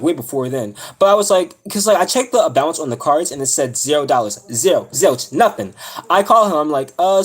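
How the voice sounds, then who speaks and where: A young man on a live stream telling a personal story, upset and close to tears, rambling with many fillers and restarts. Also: on the high side. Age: young adult. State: near tears.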